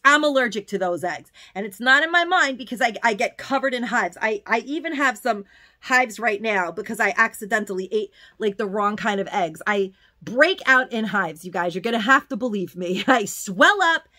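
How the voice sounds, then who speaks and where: A middle-aged woman talking through her shopping haul in a casual, chatty way. She gushes over what she found. Her voice is bright and forward, pitched a little high. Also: lively intonation, moderate pace. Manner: effusive, chatty, gushing. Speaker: haul video host.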